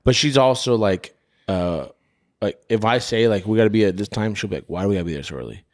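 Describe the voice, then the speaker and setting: A young man with a lowish voice chats loosely as a podcast co-host. He rambles through anecdotes and slips into mocking quoted voices. The sound is close and dry, with no room behind him. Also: quick pace, dry recording. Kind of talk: casual chat.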